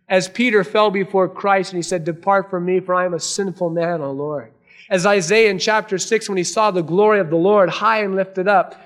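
A man preaching a sermon to a congregation, earnest, swinging between raised emphasis and hushed, quiet lines. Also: a little high. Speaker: pastor.

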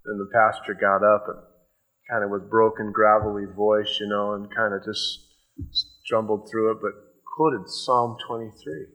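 A man with a bright, forceful voice preaching a sermon. He stretches scripture out slowly and loudly, then tosses off quick asides. On his most personal points he sinks to a near hush. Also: fairly low pitch, steady tone, rough recording. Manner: swings from slow, loud emphatic reading of scripture to quick asides; drops to a soft, hushed voice for personal points.

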